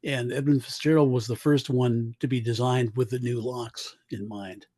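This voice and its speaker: A man's voice: mid-range voice, steady tone, normal speed, mellow, dry recording, studio quality. A man in a casual group chat, explaining facts at length. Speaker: podcast co-host.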